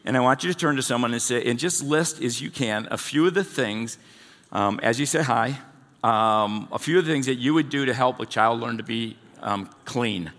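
A middle-aged man preaches in an easy, conversational way and keeps putting questions to the people in front of him. His voice sits at an ordinary mid pitch. The sound carries the long reverb of a large hall. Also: normal speed, a bit bright. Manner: conversational, asks the congregation questions. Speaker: pastor. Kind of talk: sermon. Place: church hall.

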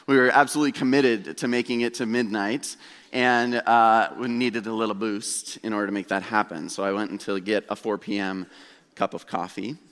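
A man preaching a sermon as pastor in a church, telling a story in a relaxed, conversational way with self-deprecating humor. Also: lowish voice, moderate pace. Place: church sanctuary. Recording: long hall reverb.

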